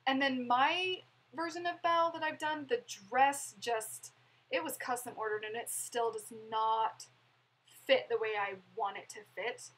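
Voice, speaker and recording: A woman's voice: on the high side, a little hiss or hum, low-quality recording. A young woman chatting casually on a live stream, rambling and laughing as she answers viewers' questions. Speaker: vlogger answering live chat.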